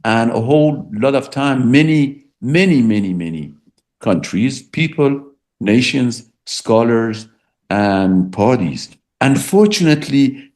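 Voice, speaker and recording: A man's voice: medium pitch, animated, slow pace, darkish tone. A middle-aged man, a political science professor and English speaker, speaking emphatically in an interview and repeating words for stress. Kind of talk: academic interview.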